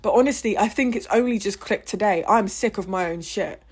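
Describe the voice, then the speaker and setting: A young woman gives a heated, emphatic personal monologue, swearing freely as she talks. Her voice sits at an ordinary middle pitch but swings often from loud and high to quiet and low. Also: a little fast, husky. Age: 20s. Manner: impassioned, with big swings in pitch and loudness. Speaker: vlogger.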